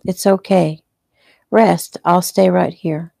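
Woman reading a gentle, worried wife; low, mellow. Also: fairly even intonation, takes it slowly, vocal fry, no echo, full character voice. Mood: caring. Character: worried loving young wife at bedside.

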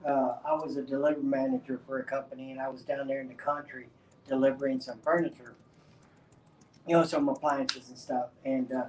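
A man from Brownsville, Texas, co-hosting a live furniture-painting stream, telling a story with lively laughter. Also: medium pitch, a little fast, recorded from a distance. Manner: animated storyteller, laughs at his own tale. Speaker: co-host. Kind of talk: casual storytelling. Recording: roomy, off-mic, faint background noise.

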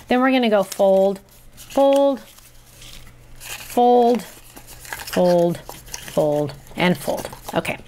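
A middle-aged woman hosting a craft tutorial, chatty and excitable, talking to herself as she works. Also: mid-range voice, a little hiss or hum. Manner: chatty and excitable, talks to herself while working. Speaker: crafting show host.

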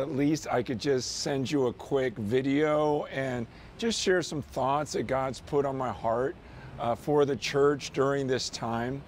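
A man's voice: mid-range voice, a little mellow, slight background noise. A man pastor sending a casual, earnest video message to his church, talking conversationally with frequent "you know" and "man".

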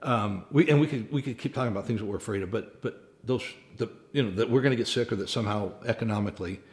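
A middle-aged man, a church pastor, speaking earnestly in a short talk that ends in a quiet prayer, often repeating his words. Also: on the low side, fast talker. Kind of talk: sermon with closing prayer.

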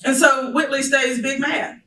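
A woman minister delivers a sermon. Her tone is bright and forceful, and she sounds like she is standing well back from the microphone. The church around her is roomy and echoey. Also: high-pitched, level tone, measured pace. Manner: storytelling, building to fervent shouted preaching. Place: church sanctuary. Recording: echoey church from a distant mic.

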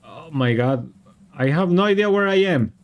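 A man streaming a game, excitable and swearing, yelling at the monster and switching between English and Spanish. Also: on the high side, moderate pace, highs cut off. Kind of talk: live gameplay commentary.

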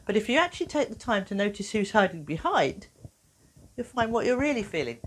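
A woman talks to children in a bouncy, animated way, her pitch climbing and dipping all over the place. She sounds playful and encouraging, like a presenter explaining feelings to a class. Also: brisk, slight background noise. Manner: animated, playful, acts out little voices. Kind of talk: talking to children in an educational video.

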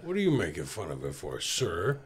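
A man's voice: deep voice, normal speed. A man co-hosting a comedy podcast, trading crude, teasing banter. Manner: profane, teasing, animated. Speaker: podcast co-host.

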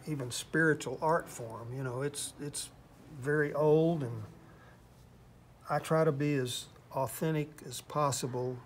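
An older Texan man with a Texan accent speaks unhurriedly in a steady, higher-pitched voice, with a bit of hiss or hum in the audio. Interviewed about his painting, he rambles casually and pokes fun at himself.

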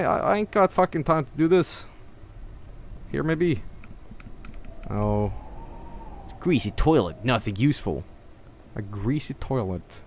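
A man's voice: medium pitch, expressive, slow pace, pauses often, darkish tone. A young man giving casual, mumbled commentary while playing a horror game on stream, rambling and swearing often. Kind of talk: casual let's-play commentary.

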